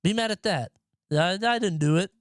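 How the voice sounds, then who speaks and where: A man's voice: sits high, normal speed, a little hiss or hum. Rambling, profane young male streamer. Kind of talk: casual live-stream chat. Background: faint music.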